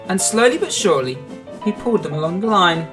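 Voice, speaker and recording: A man reading a children's storybook aloud in a gentle, expressive way. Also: sits high, fast, music in the background.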